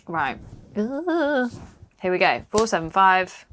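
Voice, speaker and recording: A woman's voice: medium pitch, big pitch swings, slow, fairly bright tone. A woman co-hosting a board game session in a playful, teasing way, humming little tunes as she moves her piece. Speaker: co-host. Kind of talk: casual chat while playing a board game.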